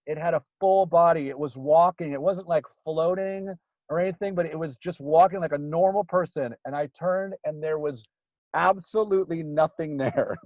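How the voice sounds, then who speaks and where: A man telling a ghost story in a rambling, casual way, full of fillers, getting animated as it builds. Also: fairly high pitch, normal speed, dry recording, dull audio. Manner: rambling, filler-heavy, gets animated when excited. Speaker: guest storyteller.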